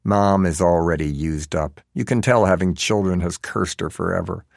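A man's voice: sits low, steady tone, moderate pace, gravelly, dry recording, clean studio sound. A man reading a novel aloud as narrator, in a wry, sardonic manner. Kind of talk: audiobook narration.

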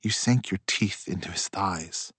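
A man reading a literary story aloud in a slow, hushed and reflective way. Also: low voice, slightly rough, dry recording. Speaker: audiobook narrator. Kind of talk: literary audiobook narration.

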